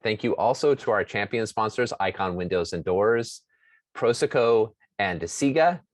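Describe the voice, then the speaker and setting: A man hosts an online summit and works steadily through a list of sponsors. His voice is fairly low. The sound is dry and close. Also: normal speed, no echo. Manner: steady, reads names one by one. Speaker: host thanking sponsors.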